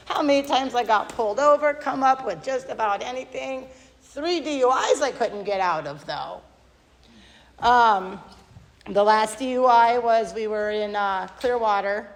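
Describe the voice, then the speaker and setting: A woman's voice: on the high side, moderate pace, a little hiss or hum. A woman giving a candid, self-deprecating recovery meeting share at a podium mic, rambling with many fillers. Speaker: AA speaker. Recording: long hall reverb.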